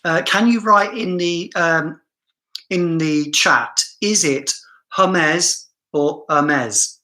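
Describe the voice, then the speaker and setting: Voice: medium pitch, slow, sharp tone, roomy sound. Chatty southern English fragrance reviewer. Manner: chatty, self-mocking, laughs often. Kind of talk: live-stream fragrance review chat.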